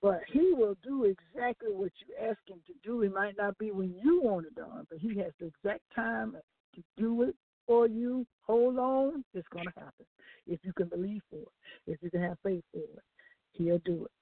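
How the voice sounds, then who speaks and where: Woman, gospel radio co-host, animated testimony, dry phone-line audio. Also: medium pitch, moderate pace, no echo. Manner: animated storytelling with laughs and acted-out quotes. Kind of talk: testimony on a gospel talk show.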